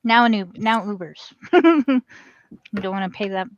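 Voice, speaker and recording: A woman's voice: medium pitch, expressive, a little slow, dry recording, lo-fi sound. A woman co-hosting a casual talk show, laughing often as she tells stories and jokes. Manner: laughs often, joking and storytelling. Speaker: podcast co-host. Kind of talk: casual chat.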